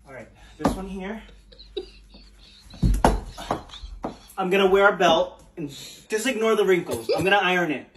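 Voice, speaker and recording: A man's voice: high-pitched, brisk, close to an everyday voice. A man playing a nagging, passive-aggressive young wife in a comedy sketch who keeps insisting she is not mad. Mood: fussy. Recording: echoey room, distant mic, background noise.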